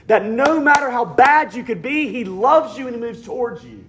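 A man preaching a sermon, rising to loud emphatic points and dropping to hushed, intimate near-whispers. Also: extremely high pitch, animated, normal speed, background noise.

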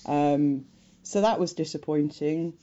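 A woman's voice: sits low, mellow, highs cut off. A woman, co-hosting a casual film chat podcast and making chatty, wry remarks. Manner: chatty, swears, does quick mocking voices. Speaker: podcast co-host.

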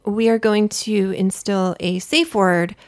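A young woman from Southern California co-hosting a casual podcast chat, playful and quick to laugh. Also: medium pitch, fairly even intonation, no room sound, studio quality. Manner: laughs often, playful, joking. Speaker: podcast co-host.

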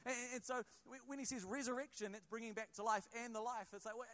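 A man preaching a sermon in a church in a relaxed, conversational way, often restarting phrases and joking with the congregation. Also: very high-pitched, fast. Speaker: pastor.

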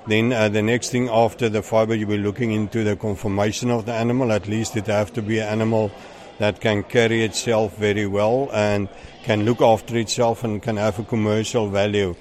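A man's voice: fairly low pitch, little pitch movement, brisk, darkish tone. Methodical man judging goats outdoors. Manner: methodical, explaining point by point. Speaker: goat show judge. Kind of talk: interview answers.

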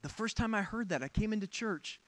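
Higher-voiced man preaching, dry close sound. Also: animated, fairly quick, no echo. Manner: candid, conversational preaching with asides to the congregation. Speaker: pastor. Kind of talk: sermon.

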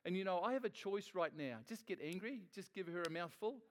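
A man delivers a sermon with a slightly higher-pitched voice. He speaks conversationally and rambles, often restarting sentences as he tells a story from his own life. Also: animated, a little fast, a little hiss or hum. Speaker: preacher.

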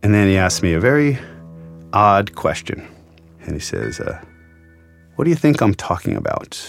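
Low-voiced man recounting a story. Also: sing-song, moderate pace, gravelly, pauses often, faint music behind. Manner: earnest, reflective, emotional retelling. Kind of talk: storytelling interview.

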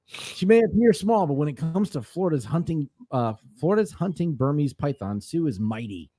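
A man's voice: fairly high pitch, very animated, normal speed, dark tone, slightly rough, no echo. Man reading news between laughs. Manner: laughs while reading, dry and matter-of-fact. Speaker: podcast co-host reading news items. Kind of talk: casual comedy chat, reading out news. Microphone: studio microphone.

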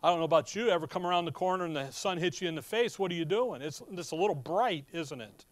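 A middle-aged man preaching a sermon in a folksy, animated way, reading scripture slowly and loudly between casual asides. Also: fairly high pitch, no room sound.

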